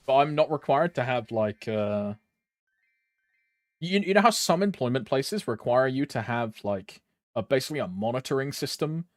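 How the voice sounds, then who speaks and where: A man's voice: medium pitch, expressive, moderate pace, no room sound, faint music behind. A young man from Britain, chatting casually on a game stream, rambling with lots of fillers and humming to himself. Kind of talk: casual live-stream chat.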